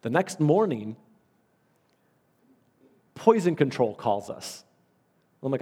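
A man's voice: medium pitch, big pitch swings, slow, long pauses, dark tone, slightly rough. A male pastor preaching in a conversational storytelling way, acting out the voices of people in his stories. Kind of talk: storytelling sermon. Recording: long reverb of a large hall.

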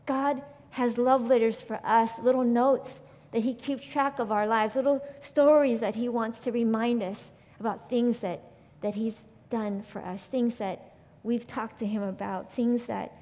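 A woman's voice: fairly high pitch, a little mellow. Woman preaching in a reverberant hall. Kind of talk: sermon.

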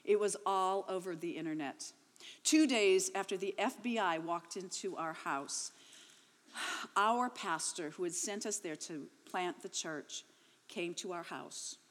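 A woman's voice: on the low side, unhurried, long reverb tail. A woman in her fifties giving an emotional spoken testimony, her voice rising and breaking as she tells it. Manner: reads her daughter's account, then tells her own, voice rising and breaking with emotion.

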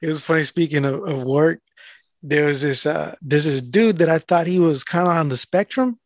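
A man's voice: a little high, normal speed, dry recording, studio quality. A man who works as a mail carrier, telling a rambling story in casual chat and swearing freely.

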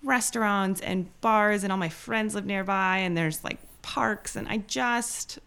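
A rambling, chatty woman in her thirties, answering questions in a relaxed interview. Her voice carries a steady vocal fry at a middle pitch. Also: unhurried. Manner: chatty, rambling, fills speech with "like". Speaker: guest. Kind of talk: casual interview chat.

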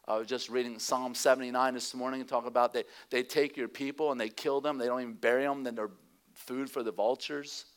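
A male pastor preaching a sermon in an animated way, sometimes dropping to a hushed, near-whispered tone. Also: mid-range voice, brisk.

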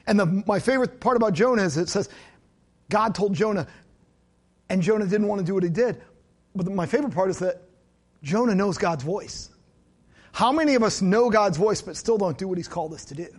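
A man's voice: sits high, breathy edge. A man preaching a sermon to his congregation, conversational and joking with asides. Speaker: pastor.

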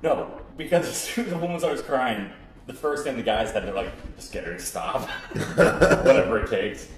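A young man in his twenties, co-hosting a podcast and telling a story in a relaxed, joking way that breaks into laughs. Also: medium pitch, normal speed. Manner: laid-back, joking, laughs often. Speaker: podcast co-host. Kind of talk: casual storytelling chat. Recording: echoey room.

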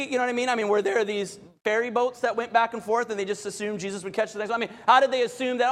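A man's voice: very high voice, steady tone, very fast, few pauses, fairly bright tone. A man preaching a sermon, telling a story with animation, often repeating phrases and speaking directly to the crowd. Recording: long hall reverb.

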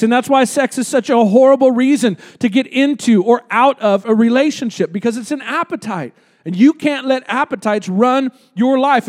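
High-voiced pastor preaching conversationally. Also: male voice. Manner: conversational, rhetorical questions, repeats words for emphasis. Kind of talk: sermon.

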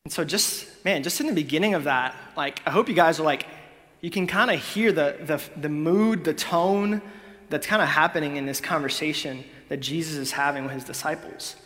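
A man's voice: fairly high pitch, a bit bright. A man from Honduras giving a casual sermon as pastor, reading scripture and talking it over with many "like"s and "right?"s. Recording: long hall reverb.

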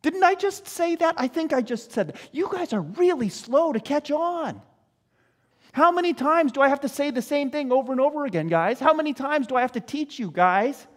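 A man voicing an exasperated but loving male teacher who chides his slow followers and repeats himself for emphasis. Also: very high voice, fairly bright tone, voice pushed up. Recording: reverberant hall.

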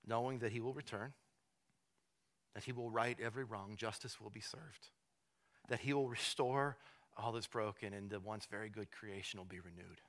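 Bright-voiced preacher building to fervor. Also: male voice. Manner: builds from hushed, slow emphasis to loud, high-pitched fervor; repeats words in quick restarts. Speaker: pastor. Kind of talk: sermon.

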